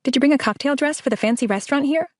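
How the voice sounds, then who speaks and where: A woman reading an audiobook, voicing a bubbly, excitable young woman friend who gushes and teases. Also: high voice, rapid-fire, no echo, clean studio sound, pitched above the performer's own voice, lightly acted. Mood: teasing. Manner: gushing, teasing, exclamatory. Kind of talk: audiobook character voice.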